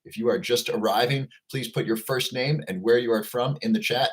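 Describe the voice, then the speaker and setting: An upbeat man hosts a casual livestream, greeting viewers one by one from the chat. His voice sits at an ordinary middle pitch for a man. He talks to the camera from a home setup. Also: normal speed, hardly any pauses. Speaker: livestream host.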